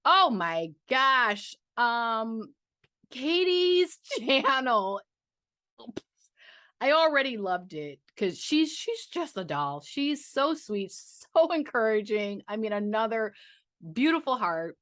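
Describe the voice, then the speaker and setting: A slightly high, a bit bright female voice swings widely in pitch as she talks slowly to camera about her budget. Chatty and gushing, she trails off and restarts, adding playful sung bits, all recorded dry at studio quality.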